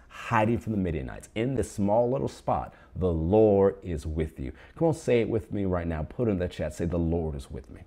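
Male pastor, low-pitched and husky, mid-sermon with call-and-response. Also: warm tone. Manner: preaching with call-and-response prompts to the online congregation.

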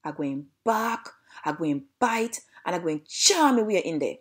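A woman's voice: fairly low pitch, lively intonation, normal speed, husky. A woman voicing a big bad hungry male dog in a storybook, swaggering and boastful in Jamaican patois.

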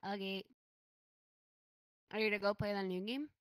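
A woman's voice: mid-range voice, steady tone, normal speed, a bit bright, smooth, no room sound. A woman chatting casually with friends, easygoing and a little unsure. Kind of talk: casual chat on a voice call.

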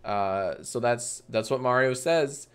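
A man's voice: medium pitch, slow, a bit bright, clear, resonant tone. A man hosting a casual livestream, talking in a sarcastic, joking way with plenty of swearing into a desk mic. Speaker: livestream host.

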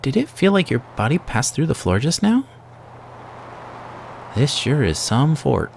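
A man voicing an excited young adventurer, reading game dialogue aloud in a raised, eager manner over game music. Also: mid-range voice, a little slow, creaky, slight background noise, pitched above the performer's own voice. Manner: raised, eager, exclamatory delivery.

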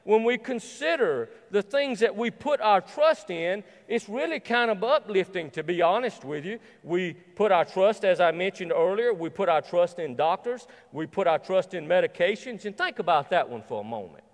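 A man's voice: high voice, lively intonation, moderate pace, hardly any pauses. A middle-aged man preaching a sermon as pastor, telling stories earnestly and repeating key phrases. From Southern United States. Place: church sanctuary. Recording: long reverb in a church sanctuary.

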